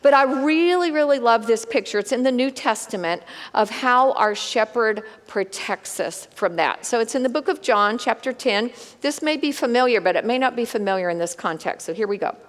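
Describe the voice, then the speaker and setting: Woman Bible study teacher, fairly high voice, conversational and animated, long reverb. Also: normal speed, hardly any pauses. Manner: conversational, animated, talks straight to the group.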